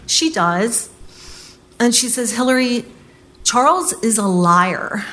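Slow-paced candid woman storyteller. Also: on the high side. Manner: candid, animated retelling with quoted voices; swears casually. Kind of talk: live personal storytelling.

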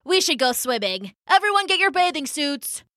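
A woman's voice: sits high, big pitch swings, moderate pace, bright, forceful tone, dry recording, studio quality, pitched above the performer's own voice, exaggerated voice. Will, a friendly young boy voiced by a woman. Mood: upbeat. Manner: casual and upbeat.

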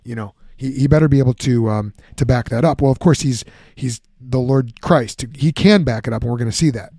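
A man giving a lively, conversational Bible teaching, often acting out the objections he answers. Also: mid-range voice, fairly quick, no room sound, clean studio sound. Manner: animated, conversational, acts out objections.

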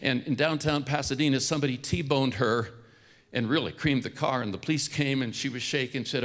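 An older man from California, telling stories about his family in an even, mid-pitched voice. He plays out the people he quotes, gently and with humor. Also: fairly quick. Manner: warm-humored storytelling, acts out quoted voices. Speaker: speaker. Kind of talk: storytelling talk.

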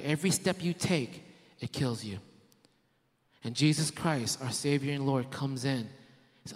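A pastor preaches a sermon in a conversational style, his mid-range voice carrying the sound of a big room. He asks his listeners rhetorical questions and drops in casual fillers.

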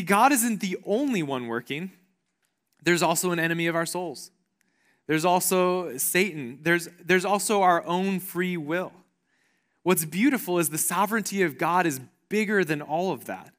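A man preaching a sermon as pastor, earnest, repeating phrases for emphasis and dropping low and soft on the promises.

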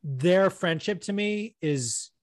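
A young man co-hosting a casual chat, telling stories in an animated way and acting out what others said. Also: high voice, takes it slowly, dry recording. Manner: animated storytelling, acts out quotes. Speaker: podcast co-host.

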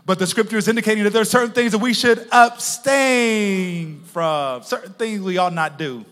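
High, bright-voiced preacher in a reverberant church. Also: male voice, normal speed. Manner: swings from hushed, intimate talk to loud shouted preaching; playful, laughing asides to the congregation. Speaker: pastor. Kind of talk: sermon. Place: church sanctuary with a congregation. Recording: long reverb of a large church hall.

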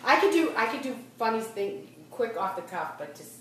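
A woman's voice: fairly high pitch, very animated, moderate pace, background noise. A middle-aged woman with a Boston accent, hosting a casual podcast chat. She talks in a chatty way, restarts her sentences often and laughs as she talks. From Boston area. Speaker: host. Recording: echoey room, voice far from mic.

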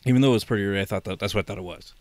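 A man's voice: on the low side, racing, darkish tone, dry recording. A man co-hosting a podcast, telling a long story in casual chat, with many restarts. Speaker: podcast co-host.

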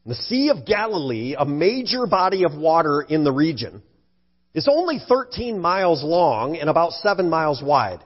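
A male pastor preaching a sermon in an animated way, at times acting out frightened voices. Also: on the high side, moderate pace, slightly rough. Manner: animated, acts out scared voices for effect. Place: church sanctuary. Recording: dull sound with long hall reverb.

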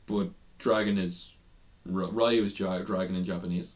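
A man's voice: low voice, steady tone, moderate pace. Rambling young man on a wrestling podcast. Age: young adult. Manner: rambling, laughs often, restarts a lot. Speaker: podcast co-host. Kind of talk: casual wrestling podcast chat.

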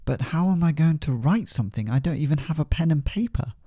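A man's voice: a little high, animated, a little fast, dark tone, no room sound, studio quality, pitched above the performer's own voice. A man doing a whiny lovesick jailed poet. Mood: anxious.

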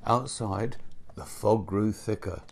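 Male storyteller, gentle storybook reading, gravelly and husky. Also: fairly low pitch. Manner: gentle, unhurried. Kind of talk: storybook narration.

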